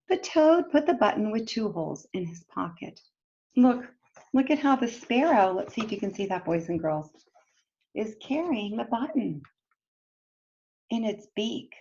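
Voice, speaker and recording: A woman teacher reading a storybook aloud to children, expressive and speaking to them directly. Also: on the high side, measured pace, pauses often. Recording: dull lo-fi recording.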